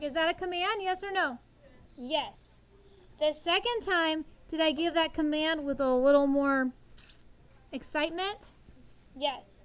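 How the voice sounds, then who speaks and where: A sixth-grade teacher in her thirties works her classroom with animated, coaxing energy, getting her students to call back answers. Her voice is very high-pitched.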